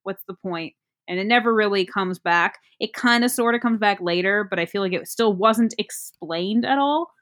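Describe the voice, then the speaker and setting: A woman in casual chat, recapping a movie plot in a rambling, halting way with many fillers. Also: medium pitch, fairly bright tone.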